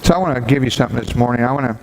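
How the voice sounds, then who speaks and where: A middle-aged man preaches a Mother's Day sermon from the pulpit, mixing personal stories with gentle humor. His voice sits at an ordinary middle pitch. It rings out with a long church-hall reverb over a faint bed of background noise. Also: very fast. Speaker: pastor. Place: church sanctuary.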